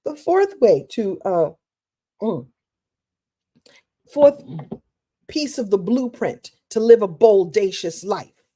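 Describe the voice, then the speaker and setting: A woman hosting a live motivational talk in a conversational, playful way, breaking into lively exclamations. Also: mid-range voice, slow pace, long pauses, slightly rough. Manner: animated, playful, breaks into exclamations and acted quotes; conversational, with restarts and laughs. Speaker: host, motivational speaker.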